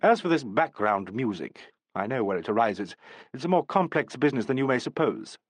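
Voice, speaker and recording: A man's voice: mid-range voice, big pitch swings, a little fast, no room sound. Autocratic male actor-manager, curt and commanding, read by a man, dry close sound. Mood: brusque. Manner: brusque, commanding.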